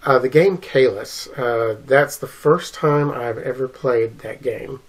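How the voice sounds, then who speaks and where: A speaker casually sharing first impressions of a board game, halting and filled with pauses. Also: mid-range voice, poor audio. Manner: halting, filler-heavy, earnest. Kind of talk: casual recap to camera.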